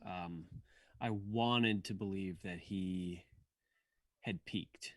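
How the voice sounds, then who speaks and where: A man co-hosting a podcast, giving low-key, measured takes on football players. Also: steady tone, no echo. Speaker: podcast co-host. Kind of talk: casual sports talk.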